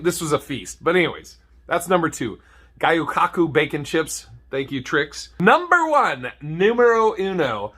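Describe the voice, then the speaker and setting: A man's voice: on the high side, big pitch swings, a little slow, a bit bright, slightly rough. A man telling comedic stories to camera, swearing freely and laughing at his own jokes.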